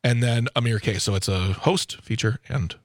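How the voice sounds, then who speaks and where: Man, radio co-host, casual chat, playful, mid pitch, dry studio sound. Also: no room sound. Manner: playful, chatty, quick to laugh.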